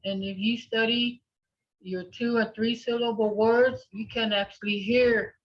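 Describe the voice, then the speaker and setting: A woman teaching a language class over a video call, patiently repeating words for her students to echo. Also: on the high side. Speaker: language instructor. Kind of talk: online language lesson. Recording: dull lo-fi video call audio.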